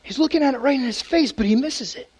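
A man, a youth pastor, preaching a casual, animated sermon to teens and acting out prayers in a hushed voice. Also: very high-pitched, fast talker, breathy edge.

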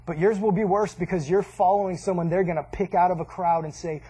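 A man's voice: high-pitched, fairly even intonation, brisk, warm tone, husky. A man preaching a casual sermon, conversational and joking, often quoting people in voices. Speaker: pastor.

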